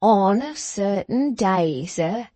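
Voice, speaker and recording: A woman voicing a pompous, scheming older man who talks in florid, drawn-out, wheedling phrases. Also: medium pitch, animated, warm tone, no echo.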